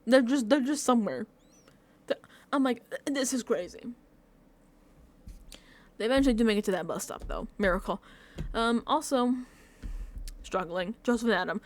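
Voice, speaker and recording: Rambling, animated young woman recapping a show. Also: fairly high pitch, brisk, pauses often. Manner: rambling, animated, swears freely, frequent restarts. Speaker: reality show recap host. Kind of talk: casual reaction recap. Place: home room. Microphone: close desk mic.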